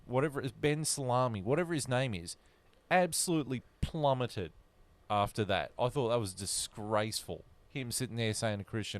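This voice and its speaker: A man's voice: mid-range voice, moderate pace. A man, co-hosting a casual podcast chat, blunt and opinionated, swearing freely. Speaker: podcast co-host.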